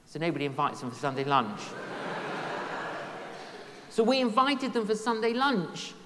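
A woman's voice: mid-range voice, big pitch swings, moderate pace, background noise. A woman preaching a sermon, telling personal stories and repeating key phrases for emphasis. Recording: long hall reverb.

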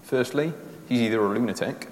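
A man's voice: medium pitch, brisk, a little mellow, a little hiss or hum. A man preaching a sermon in a conversational way, explaining his points step by step with everyday examples. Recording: roomy echo with long reverb in a hall.

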